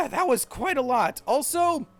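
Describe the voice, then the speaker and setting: A man hosting a let's-play, talking casually and laughing at himself, his voice hoarse after a long day. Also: very high voice, big pitch swings, slow pace, faint music behind. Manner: chatty, laughing, self-mocking. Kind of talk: gameplay commentary.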